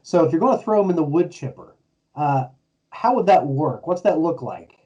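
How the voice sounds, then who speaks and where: Laid-back middle-aged male co-host, slightly higher voice, distant dull recording. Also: very animated, moderate pace, dark tone. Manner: laid-back, chuckling, storytelling. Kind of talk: casual chat. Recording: distant, muffled lo-fi mic.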